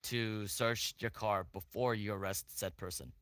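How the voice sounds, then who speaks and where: A man playing a defense lawyer in a role-play court, with a bright, forward voice. He cross-examines in halting phrases, restarting and repeating his questions, and the sound is close and dry. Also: fairly low pitch, fairly even intonation, no echo.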